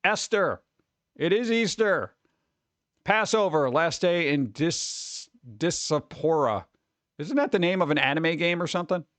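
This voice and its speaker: A man's voice: fairly high pitch, lively intonation, a little slow, fairly bright tone, no echo. A man hosting a casual live stream, rambling and joking as he chats with his viewers on a close desk mic. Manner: rambling, joking, talks to chat. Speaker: streamer host.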